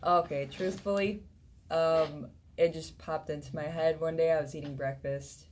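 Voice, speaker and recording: A woman who owns a shop, talking in a relaxed, hesitant way with many fillers as a guest on a radio show. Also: deep voice, moderate pace. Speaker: vintage shop owner, guest. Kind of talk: casual radio interview. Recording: faint ambient noise.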